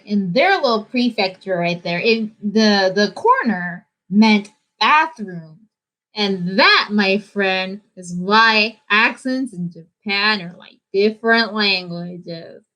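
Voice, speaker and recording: A woman's voice: mid-range voice, a bit bright. A young woman hosting a casual livestream, chatty and bubbly, switching between Japanese and English. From United States. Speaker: livestream host.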